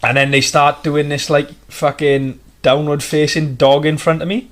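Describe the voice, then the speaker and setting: A man's voice: on the high side, little pitch movement, moderate pace. A young Welsh man, podcast co-host, telling a story in casual chat and swearing freely. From Wales. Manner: swears freely, acts out voices in anecdotes.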